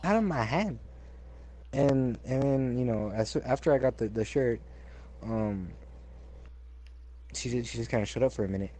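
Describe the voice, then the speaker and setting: A young man in casual chat who gets animated when he tells a story. He stumbles over his words, repeats himself, and jumps up loud when he acts out what someone said. His voice sits at an ordinary middle pitch. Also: normal speed, long pauses, slight background noise. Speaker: co-host telling work stories.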